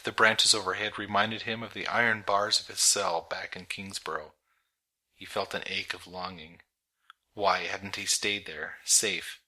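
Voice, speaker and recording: A man narrating a storybook in a dramatic, measured reading that builds tension. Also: fairly low pitch, sharp tone, low-quality recording. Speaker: audiobook narrator. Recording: narration over clear background music. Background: music.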